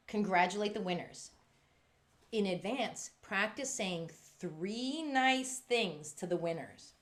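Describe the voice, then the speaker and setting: Speaking to a room of music teachers, a woman presents with vivid, emphatic energy. She brings quotes to life through large leaps in pitch.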